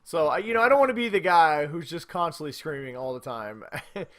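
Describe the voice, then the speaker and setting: A man in his thirties co-hosts a laid-back podcast, his voice sitting notably high. He tells stories with plenty of animation and breaks into laughter often. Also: animated, fairly quick, a bit bright. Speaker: podcast co-host. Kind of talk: casual chat.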